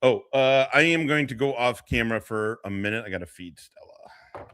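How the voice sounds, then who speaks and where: A man's voice: medium pitch, moderate pace, fairly bright tone, clean tone. A man hosting casual commentary on a streamer, profane and mocking, often laughing.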